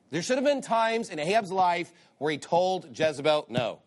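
Emphatic preaching man, slightly high voice. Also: big pitch swings, moderate pace. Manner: emphatic, repeats phrases for stress; reads scripture aloud in King James wording. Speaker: pastor. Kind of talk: sermon.

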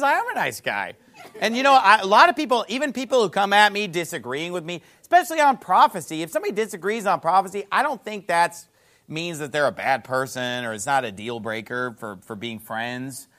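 A man preaching a sermon, telling an animated story about a phone call, asking rhetorical questions and laughing at his own jokes. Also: high-pitched. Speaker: pastor.

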